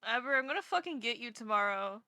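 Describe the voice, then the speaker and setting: High, bright-voiced woman streamer. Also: expressive, fast talker, dry recording, studio quality. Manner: playful, self-deprecating, teasing, swears freely. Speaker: livestreamer reading chat. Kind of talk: casual live-stream chat.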